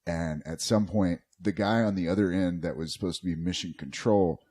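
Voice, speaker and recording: A man's voice: sits low, normal speed, dark tone. A man hosting a podcast, telling a long story in a rambling, profane, casual way. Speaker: podcast host.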